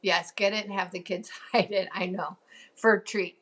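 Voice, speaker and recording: A woman's voice: medium pitch, steady tone, normal speed, a bit bright. A woman hosting a casual live crafting stream, chatting and answering viewer comments with plenty of ums. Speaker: crafting show host.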